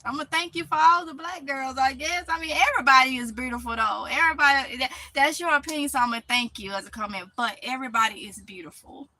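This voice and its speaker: A woman's voice: high voice, fast talker, hardly any pauses, bright, forceful tone, rough recording. A woman with a Mississippi Southern accent, hosting a live stream from a greenhouse, chatting casually and answering comments with laughs. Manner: chatty, talks back to comments, laughs often. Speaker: channel host reading live chat.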